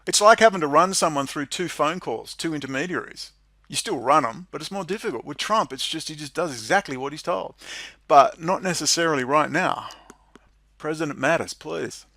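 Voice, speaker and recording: Reading legislation aloud and mocking it, a middle-aged political commentator with an Australian accent speaks in a fairly high, expressive voice at normal speed. His sarcasm swings into loud, incredulous laughter. The studio sound is clean, with no room sound.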